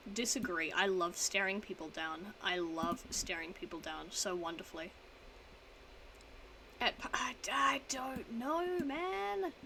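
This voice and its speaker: A woman's voice: mid-range voice, pushed and bright, a little hiss or hum, poor audio. A young woman streaming from home, chatting casually as she reads quiz statements aloud and answers them in a rambling, self-mocking way.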